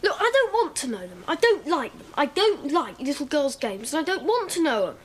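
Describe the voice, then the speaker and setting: A woman's voice: high-pitched, sing-song, brisk, slight background noise. An actress playing a stubborn, sulky eleven-year-old boy in a television drama, speaking bluntly. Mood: grumbling.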